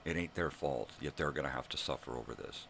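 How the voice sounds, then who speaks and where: An older man hosting his own daily vlog, ranting angrily and swearing, with bursts of shouting. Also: extremely low pitch, quick pace, vocal fry, slight background noise. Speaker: vlog host. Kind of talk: angry profane rant.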